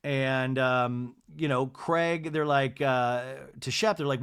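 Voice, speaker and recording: A man's voice: medium pitch, fairly even intonation, slow pace, a bit bright, clear, resonant tone. A man hosting a podcast, giving a chatty, gossipy solo TV recap. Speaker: podcast host. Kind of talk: casual TV recap monologue.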